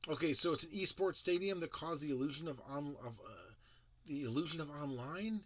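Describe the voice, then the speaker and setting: A man talks through tech products in casual, critical commentary, his voice bright and lively as it swings up and down. He is emphatic and sarcastic and often restarts mid-sentence. The sound is dry and close. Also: fairly high pitch, a little fast, no room sound. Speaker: tech show reviewer.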